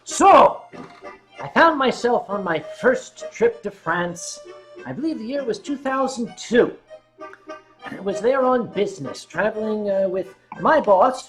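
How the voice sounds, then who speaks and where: An American man hosting a livestream and telling a rambling, self-mocking story, with now and then a cleared throat. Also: sits high, poor audio. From United States. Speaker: host.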